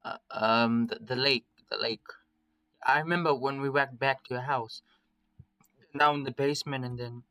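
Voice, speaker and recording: A man's voice: medium pitch, steady tone, normal speed. A man doing a stammering nervous furry creature. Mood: anxious. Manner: stammering, hushed, anxious. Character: nervous young male furry creature, jittery and confused.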